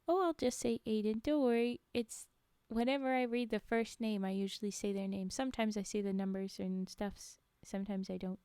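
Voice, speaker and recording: A young woman streamer reading spooky stories aloud and chatting with viewers in giggly, animated asides. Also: medium pitch, normal speed, few pauses, clear, resonant tone, no echo.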